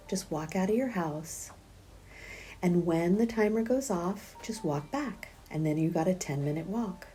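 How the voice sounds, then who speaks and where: A middle-aged woman teaching a prenatal yoga class, speaking gently and softly, often half-whispered, and counting breaths aloud. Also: on the low side. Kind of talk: guided yoga class instruction.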